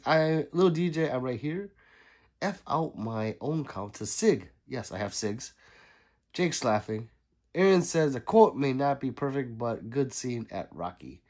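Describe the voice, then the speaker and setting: Chatty man reading livestream chat, lively pitch. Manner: reads viewer comments aloud, laughs, sarcastic asides. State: sick.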